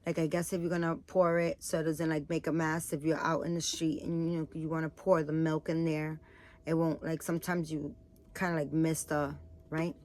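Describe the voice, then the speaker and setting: A woman's voice: low voice, level tone, normal speed, a little mellow. A woman chatting casually to camera, tired and rambling with lots of fillers as she shows off her purchases. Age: adult, has a daughter. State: tired, yawning. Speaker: vlogger showing baby doll items.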